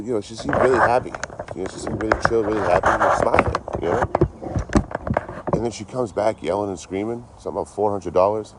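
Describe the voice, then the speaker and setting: On a roadside livestream, a Detroit man chats into his phone in a loose, rambling way, dropping plenty of profanity. His pitch sits fairly low, and a bit of background noise is audible.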